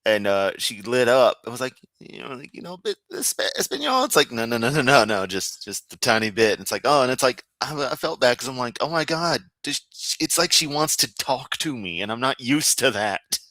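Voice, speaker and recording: A man's voice: medium pitch, big pitch swings, brisk, few pauses, pushed and bright, dry recording, studio quality. A man hosting a livestream and reacting to clips in casual commentary, sarcastic and mocking, laughing often.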